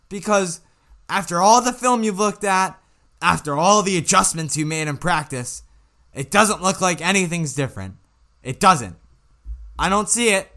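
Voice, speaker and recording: A man co-hosting a casual sports podcast, animated and exasperated with rhetorical questions. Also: high-pitched. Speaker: podcast co-host.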